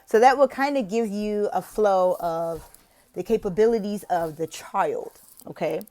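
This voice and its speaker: A woman teaching online, explaining interview tips in a chatty way and switching to an exaggerated, gasping teacher voice in her demos. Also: mid-range voice. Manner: lively, exaggerated teacher voice in the demos, with gasps and drawn-out questions; chatty, uses fillers like "like" and "you know". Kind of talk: casual tutorial with demo teaching.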